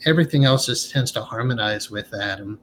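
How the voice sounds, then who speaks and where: In a conversational interview, a man appearing as a hypnotherapist guest speaks earnestly and reflectively, often ending his points with a questioning "right?" His voice is fairly low and fairly quick, and there's a little hiss or hum on the recording.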